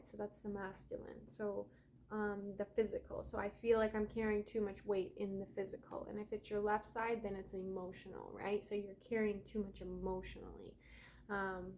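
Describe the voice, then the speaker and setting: With a mid-range, darkish voice and a little hiss or hum in the recording, this yoga teacher and oracle card reader rambles chattily through a spiritual energy update. She talks right to her viewers, calling them guys.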